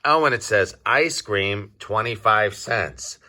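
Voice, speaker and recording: A man reading a picture book aloud to young children, slow and deliberate, pausing to quiz his listeners. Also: on the low side, expressive, pushed and bright. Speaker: children's story reader. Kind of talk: read-aloud storybook for kids.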